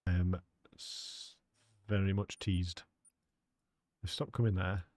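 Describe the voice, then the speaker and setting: A man's voice: low voice, level tone, slow pace, darkish tone, dry recording. A man giving chatty, rambling live commentary as he plays a hunting game and talks to his chat. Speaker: game streamer.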